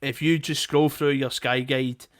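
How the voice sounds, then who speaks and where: A man chatting casually on a podcast, trailing off quietly at times. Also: mid-range voice, level tone, measured pace. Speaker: podcast co-host. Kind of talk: casual chat.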